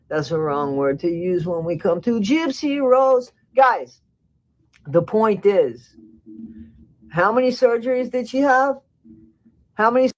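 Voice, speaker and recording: A woman co-host in a casual gossip chat, chatty and quick to add self-deprecating asides. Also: medium pitch, a little mellow, poor audio.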